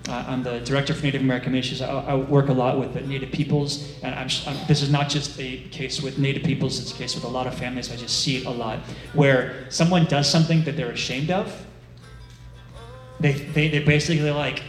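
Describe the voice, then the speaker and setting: A man giving a sermon in a conversational, animated way, often acting out the inner voices of his listeners. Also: fairly high pitch, a little fast, reverberant, low-quality recording. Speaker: director of a ministry, preacher.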